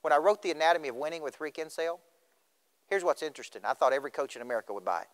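Speaking very fast in a somewhat high, expressive voice, this middle-aged Tennessee man delivers a motivational talk and quizzes the crowd directly. He's a motivational speaker in a school auditorium, and the sound echoes around the hall.

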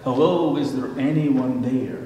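A man's voice: a little slow, slight background noise, natural voice. A man voicing a desperate stranded hiker calling for help, in a pleading, raised voice, heard from far off in an echoey church. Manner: desperate, pleading, higher and louder. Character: panicky man dangling from a cliff branch.

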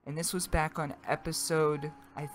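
A man's voice: fairly high pitch, level tone, normal speed, a little hiss or hum. A man co-hosting a comedy podcast in casual chat, playful, tripping over words and laughing. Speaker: podcast co-host.

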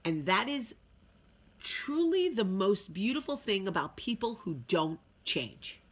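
A woman's voice: lowish voice, slightly rough. A woman hosting a casual talk video, chatty and emphatic, talking straight to her viewers. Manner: chatty, emphatic, with sung asides. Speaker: vlog host.

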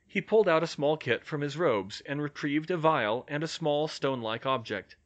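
Guy reading a story aloud, pitch moves around a lot, expressive. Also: moderate pace, hardly any pauses. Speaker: reader. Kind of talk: audiobook narration of fan fiction.

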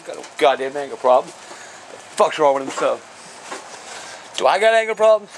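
A man's voice: a little high, lively intonation, normal speed, background noise. An older man hosting his own show, talking bluntly to camera and swearing constantly. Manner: profane and blunt, peppered with curses. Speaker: show host answering viewer questions. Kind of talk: casual talk to camera.

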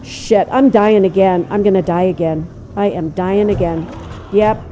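Older lady playing a game, slow warm voice, cusses and yells at the screen. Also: medium pitch, steady tone, slight background noise. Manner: jumpy, cursing, talks to the game out loud. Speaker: gamer. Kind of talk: let's play commentary.

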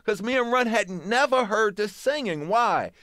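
A middle-aged man, a rapper visiting a radio studio, telling an animated story and acting out the voices and sounds of others. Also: high-pitched, moderate pace, no room sound. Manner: lively storyteller, mimics voices and sounds, says true story. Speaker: rapper guest on radio show. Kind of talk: animated storytelling with acted quotes.

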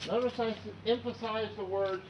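A man's voice: high-pitched, steady tone, normal speed. A man who farms, talking plainly and thinking aloud as he works on a tractor, straining under heavy parts. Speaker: farmer vlogger. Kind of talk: casual narration while working. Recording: dull lo-fi sound with faint noise.

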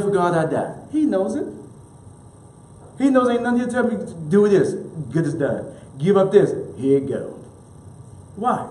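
A male minister with a high, slightly mellow voice preaches in a roomy, echoey space. He uses emphatic repetition, leads the congregation to repeat lines back, and sometimes chuckles.

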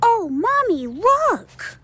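A narrator voicing an eager, excitable little boy in an audiobook reading. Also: very high voice, drawn-out words, voice pushed up, full character voice. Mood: excited. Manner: excited, childlike.

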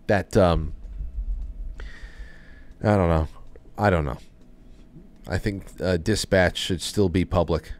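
A man with a lowish voice hosts a casual podcast. He rambles through his stories, stopping and restarting his sentences as he goes. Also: takes it slowly, long pauses. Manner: rambling, with frequent restarts and trailing off. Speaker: podcast host. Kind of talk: casual chat.

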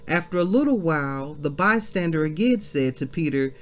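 A woman leading a devotional Bible reading. She comments excitedly as she reads and calls her listeners family. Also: low voice, fairly quick, hardly any pauses. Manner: exclaiming, addresses listeners as family. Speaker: devotional leader.

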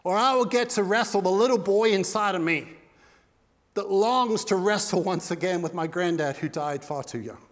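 A male pastor with a high voice preaches with passion, dropping to a near-hush and then surging again. His voice rings out with the long reverb of a church hall. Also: normal speed. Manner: impassioned preaching that swings from loud to hushed. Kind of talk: sermon. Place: church sanctuary.

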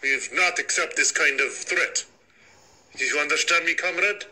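A man voicing a gruff male Russian agent with a mock Russian accent, speaking low and stern. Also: moderate pace, pushed and bright, low-quality recording. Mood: menacing.

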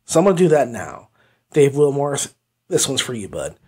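A man's voice: medium pitch, big pitch swings, moderate pace, warm tone, breathy edge. A man hosting an audiobook review podcast, talking casually in a rambling, goofy way. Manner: rambling, goofy, with hummed pretend music. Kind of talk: casual chat.

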